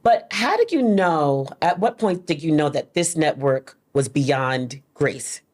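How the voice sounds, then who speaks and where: A woman's voice: sits low, lively intonation, unhurried, a little mellow. A woman hosting a talk show, encouraging her guests and often affirming them as they speak. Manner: encouraging, with frequent affirming "wow" and "mm". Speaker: host. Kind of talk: conversational interview.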